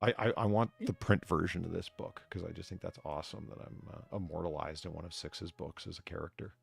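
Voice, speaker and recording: A man's voice: deep voice, fairly even intonation, fairly quick, gravelly, breathy edge. A man from the United States hosting a live stream, chatting casually in a rambling, profane way that is full of restarts. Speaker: streamer and bartender host.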